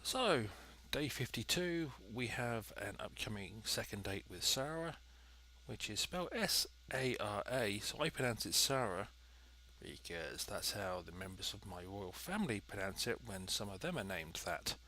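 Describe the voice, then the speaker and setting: Lower-voiced man narrating gameplay. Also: sing-song, normal speed, sharp tone, a little hiss or hum. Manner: chatty, dry, methodical. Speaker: let's play host. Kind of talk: gameplay commentary.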